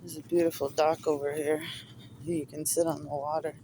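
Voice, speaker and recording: A woman's voice: low voice, level tone, moderate pace, background noise. A woman giving a casual outdoor tour, chatty and admiring, cooing at her dog. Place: outdoors in a remote northern town. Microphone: handheld camera while riding an ATV.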